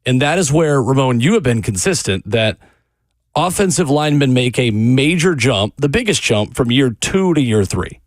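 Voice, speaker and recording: A man's voice: mid-range voice, lively intonation, normal speed, dry recording. A man hosting a sports radio show, pressing his co-host with pointed questions.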